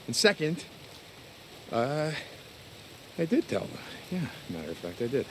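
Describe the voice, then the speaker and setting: A jokey outlaw biker from a game, laid back, voice swings up and down a lot. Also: male voice, medium pitch, huge pitch swings, a little slow, noisy background. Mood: teasing. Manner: joking, deflecting. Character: joking outlaw biker man, easygoing. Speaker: game character. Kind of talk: video game dialogue acting.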